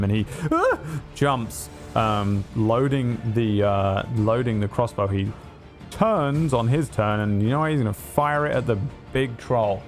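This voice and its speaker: A man narrating a tabletop game as game master, vivid and descriptive with frequent fillers. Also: medium pitch.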